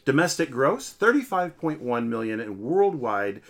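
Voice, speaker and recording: Dry, lively-voiced male podcast host. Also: mid-range voice, moderate pace. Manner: dry, mock-serious delivery. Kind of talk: casual chat.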